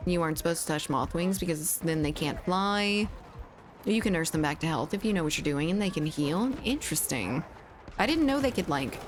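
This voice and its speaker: A woman's voice: fairly low pitch, slight background noise. A woman with a mild Southern US accent, chatting casually on a game livestream, reading her chat aloud and laughing easily. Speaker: game streamer. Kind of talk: casual live-stream chat while gaming.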